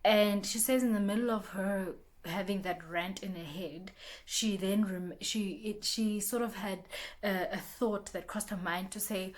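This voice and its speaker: A young woman talks straight to camera in a casual motivational vlog. She is chatty and loose, circles back over her own words with restarts and fillers, and breaks into lively little voices for what her friends said. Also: mid-range voice, moderate pace. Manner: chatty, repeats herself, many restarts and fillers; acts out friends' lines in lively bursts. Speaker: vlogger.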